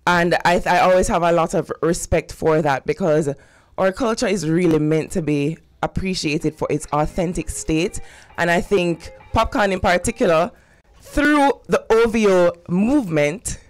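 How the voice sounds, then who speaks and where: A woman's voice: lowish voice, moderate pace. A young woman from Jamaica, a pageant contestant, speaking on a radio show in a poised, polished tone. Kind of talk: radio guest chat. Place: radio studio.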